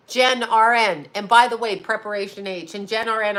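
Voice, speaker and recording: A woman's voice: on the high side, normal speed, few pauses, fairly bright tone. A middle-aged woman, host of her own channel, talking casually in a rambling, emotional way and swearing freely. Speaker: psychic medium and channel host. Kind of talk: casual livestream chat.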